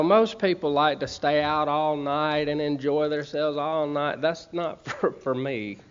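A middle-aged man with a Southern US accent tells humorous personal stories to an audience in a folksy way, often checking in with "okay?" and "man". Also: a little high. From Montgomery, Alabama. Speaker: speaker sharing a recovery story. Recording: slightly muffled recording.

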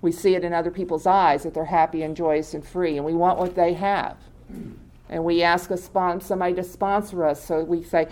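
A woman's voice: lowish voice, steady tone, fairly quick, darkish tone. Woman at a recovery meeting, talking straight to the group, conversational, keeps asking the room questions. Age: adult with many years in recovery. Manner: conversational, quizzes the audience, laughs often. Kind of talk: informal talk to a group.

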